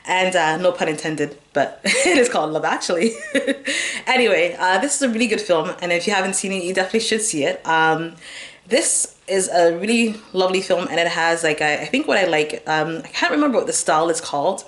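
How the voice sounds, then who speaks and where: Low-voiced chatty woman reviewing movies. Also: expressive, brisk. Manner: rambling, chatty, lots of fillers and giggles. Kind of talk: casual chat.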